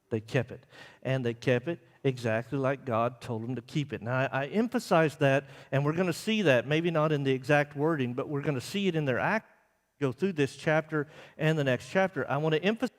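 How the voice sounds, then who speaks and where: A man preaching a Bible class sermon in a conversational way, often checking in with his listeners. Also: on the high side. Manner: conversational, asks the congregation "right?" often. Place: church. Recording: church live stream with long hall reverb.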